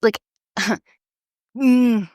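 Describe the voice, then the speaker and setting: A woman's voice: fairly high pitch, extremely slow, a little mellow, no room sound, studio quality. A woman co-hosting a podcast in loose, casual chat, making joking asides and filling her speech with "like.". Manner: jokey, loose, lots of "like" and asides. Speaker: podcast co-host.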